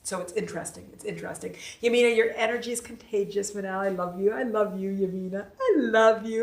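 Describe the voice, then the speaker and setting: A woman's voice: mid-range voice, fast, gravelly, few pauses. A woman hosting a casual livestream, laughing often and reading out viewer comments. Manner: chatty, laughing, reads viewer comments aloud. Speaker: livestream host. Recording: echoey room, distant mic.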